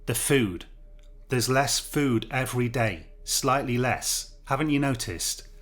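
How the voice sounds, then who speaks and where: A man's voice: medium pitch, takes it slowly, fairly bright tone, soft background music. Brief: a man reading as a prim, pleading schoolteacher in a cell, defensive and earnest, audiobook story. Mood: persuading. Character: anxious pompous male schoolteacher prisoner, pleading.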